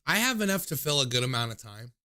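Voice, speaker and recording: A man's voice: sing-song, quick pace, sharp tone, no echo, studio quality. A young man, hosting a livestream and telling stories in a casual, profane, rambling way full of fillers. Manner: mimics people in high voices when quoting. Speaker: livestream host taking call-ins. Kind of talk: casual storytelling chat.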